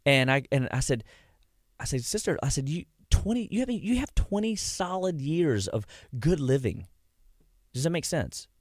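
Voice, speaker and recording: A man's voice: mid-range voice, normal speed, no room sound, clean studio sound. A man guesting on a radio show, talking casually about heart health and acting out stories of his patients. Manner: animated storyteller, acts out quotes.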